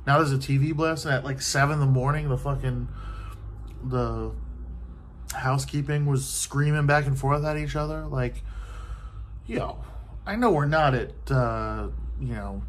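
A man's voice: medium pitch, normal speed, pauses often. A man in a casual, rambling rant from a hotel room, loose and exasperated, swearing often and leaning on filler words. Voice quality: profane, loose, exasperated delivery with many fillers. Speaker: vlogger. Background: faint TV noise.

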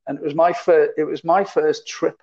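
A man's voice: on the high side, fairly even intonation, normal speed, warm tone. Chatty man telling football stories. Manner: chatty, repeats words, trails off. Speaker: former footballer guest. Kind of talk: casual anecdotal storytelling. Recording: slightly dull lo-fi audio.

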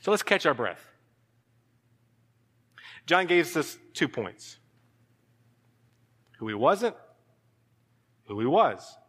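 A male pastor preaching a sermon, animated, with sudden drops to a hushed voice. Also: a little high, slow, long pauses, husky. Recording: long hall reverb.

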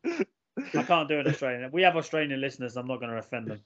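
A man's voice: mid-range voice, animated, fast talker, muffled recording. A man with an English accent, co-hosting a podcast in casual, mock-indignant banter. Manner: loud, swearing, mock-indignant. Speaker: podcast co-host.

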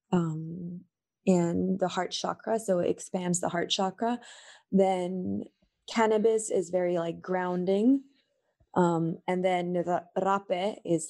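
A woman's voice: fairly low pitch, mellow. A woman talking in a casual conversation over a call, emotional and rambling with many fillers. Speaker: podcast guest.

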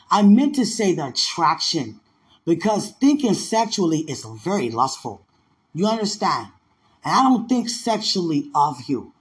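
High-voiced D.C. man telling stories. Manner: animated, laughs often, drops into other voices. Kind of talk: casual storytelling chat.

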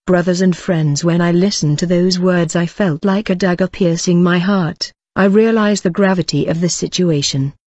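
A man's voice: sits high, normal speed, few pauses, darkish tone, no room sound, highs cut off. A man earnestly narrating a religious testimony to his listeners in a solemn manner.

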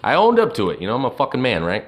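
A rural American man with a lively voice that swings up and down in pitch. He talks bluntly and brashly, swearing heavily and leaning on "you know" all the time. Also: racing. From USA. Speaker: podcast guest. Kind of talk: casual chat.

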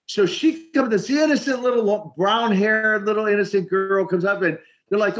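An older man, a retired wrestler, telling lively stories in an interview and acting out the quotes. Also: high-pitched, moderate pace. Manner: lively storyteller, acts out quotes. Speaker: retired pro wrestler guest. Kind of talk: animated storytelling interview. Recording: muffled lo-fi audio.

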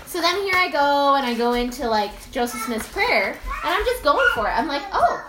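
A woman's voice: high voice, normal speed, background noise. A woman talking casually and chattily about her piano practice at home, full of fillers. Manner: chatty, animated, lots of fillers. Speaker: vlogger. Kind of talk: casual reflective vlog talk.

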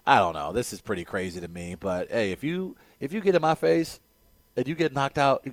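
A man's voice: medium pitch, a little fast, dry recording. A man hosting a casual sports talk show, reading news items aloud and then giving emphatic, opinionated takes.

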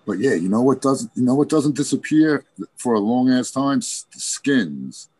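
A man's voice: medium pitch, lively intonation, normal speed, a little mellow, husky, no echo. A man hosting a casual podcast chat, laid-back and rambling, laughing often. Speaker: podcast host. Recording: faint background noise.

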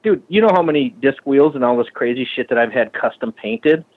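A man from the Minneapolis area who runs a shop and builds bikes, talking casually and with lots of swearing, often acting out other people's lines in a higher voice. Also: lively intonation, fairly quick, breathy edge, phone-quality sound. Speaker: shop owner and bike builder. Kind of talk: casual podcast conversation.

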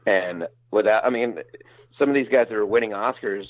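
A man's voice: on the low side, normal speed, dull audio. A man talking frankly in a casual interview, rambling and self-deprecating with many restarts. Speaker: voice actor guest.

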